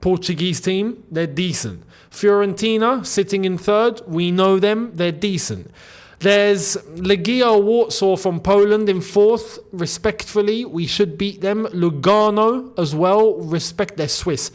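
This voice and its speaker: Animated man, high voice. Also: slow. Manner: animated, incredulous, swings from loud outbursts to muttering. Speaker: football channel host. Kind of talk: casual solo commentary.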